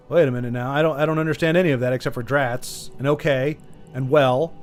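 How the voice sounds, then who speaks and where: A man's voice: mid-range voice, expressive, quick pace. A man streaming a video game, joking and rambling as he chats with his viewers. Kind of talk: casual gaming commentary. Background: faint game music.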